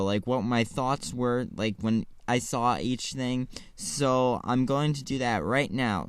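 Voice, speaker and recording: A young man hosting a casual gaming video, gushing with excitement and trailing into fillers and restarts. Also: mid-range voice, clean tone, no echo. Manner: excitable, shouts and squeals in reaction; rambling, many fillers and restarts. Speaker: gaming channel host.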